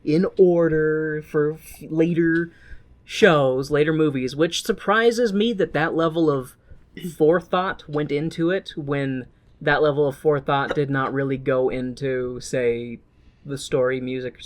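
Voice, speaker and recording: A woman's voice: low-pitched, unhurried, darkish tone. A woman co-hosting a podcast, recapping a film in a rambling, self-correcting way with dry humor. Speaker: podcast co-host. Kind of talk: casual chat and film recap.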